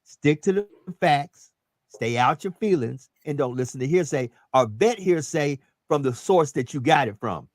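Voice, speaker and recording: A man's voice: a little high, expressive, moderate pace, dry recording, studio quality. A male radio host who makes his point with repeated words and sayings. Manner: preachy, punchy, repeats words for emphasis. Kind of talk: radio talk show conversation.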